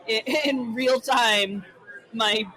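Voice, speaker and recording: A woman's voice: fairly high pitch, extremely slow, some chatter behind, low-quality recording. Sarcastic, foul-mouthed woman co-host. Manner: sarcastic, profane, deadpan jabs. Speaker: podcast co-host. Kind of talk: casual podcast banter.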